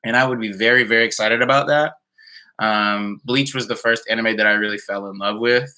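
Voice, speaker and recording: A man's voice: fairly low pitch, a little fast, sharp tone. A man chatting casually on a live stream and answering viewer comments, rambling with many fillers and sounding a little tired. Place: indoors at home.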